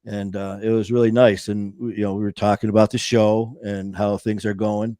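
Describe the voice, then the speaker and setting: A man's voice: fairly low pitch, level tone, normal speed, mellow, no echo. Casting: male talk host from Michigan, rambling and jokey, dry close studio mic. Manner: rambling, stop-start, jokey. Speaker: show host. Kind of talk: casual chat.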